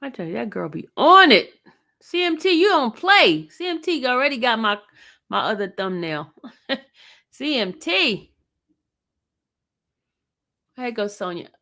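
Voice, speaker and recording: A woman's voice: a little high, very animated, unhurried, pauses often, pushed and bright. A woman hosting a live stream, chatting casually and teasing her caller.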